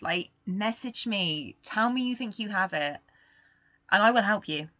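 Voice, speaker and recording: A young woman hosting a podcast, talking candidly in a rambling, confessional way that swings between quiet and emphatic. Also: mid-range voice, no echo, highs cut off. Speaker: podcast host. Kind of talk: casual confessional monologue.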